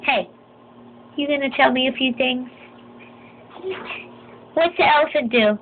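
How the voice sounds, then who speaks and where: A woman's voice: high-pitched, a little slow. A woman talking playful, sing-song baby talk to a little child at home, laughing often. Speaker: parent playing with a baby. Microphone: phone camera. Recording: tinny phone recording with loud noise.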